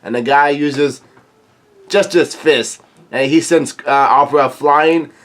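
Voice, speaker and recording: A man reading a comic aloud for a reaction video, halting, with many fillers and restarts. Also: a little high, steady tone, a bit bright.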